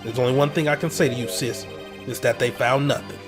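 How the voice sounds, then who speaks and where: A man's voice: medium pitch, steady tone, fairly quick, music in the background, lightly acted. A man voicing a brash, cocky male investigator in blunt game dialogue. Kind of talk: reading game dialogue aloud.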